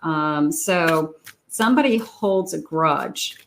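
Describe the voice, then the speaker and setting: A woman's voice: deep voice, slow pace, creaky, slight background noise. A middle-aged woman giving a tarot reading in a chatty way, often acting out quoted lines and laughing. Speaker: tarot reader. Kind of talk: casual tarot reading monologue.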